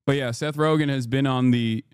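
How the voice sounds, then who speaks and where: A man's voice: mid-range voice, steady tone, clear, resonant tone, no room sound, clean studio sound. A man streaming and reacting to clips in casual, profane, sarcastic commentary. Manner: profane, sarcastic, quick asides.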